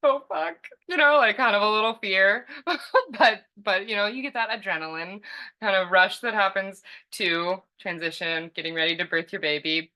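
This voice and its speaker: A woman's voice: mid-range voice, moderate pace, pushed and bright. A young adult woman from California, a podcast guest telling a personal story casually, chatty with many fillers and frequent laughs.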